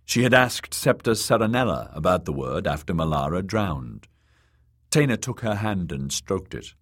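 A man narrating an audiobook in a measured, dramatic reading. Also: sits low, very animated.

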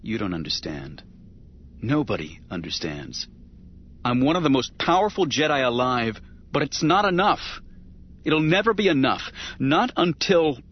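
A man voicing a troubled young male Jedi knight, speaking in a soft, strained, halting way. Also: lowish voice, dull audio, a little hiss or hum, close to an everyday voice. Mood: despairing.

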